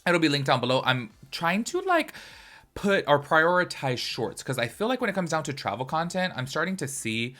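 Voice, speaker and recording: A man's voice: on the high side, big pitch swings, moderate pace, pushed and bright. A man talking casually to camera as a commentary host, rambling with lots of fillers. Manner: chatty, rambling, lots of fillers like "like" and "do you know what I mean". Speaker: commentary YouTuber.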